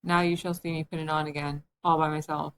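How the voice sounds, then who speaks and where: A woman's voice: low voice, flat delivery, quick pace, slight background noise. A woman reading the part of a scatterbrained, anxious old queen in a storybook, fussy and pleading in manner.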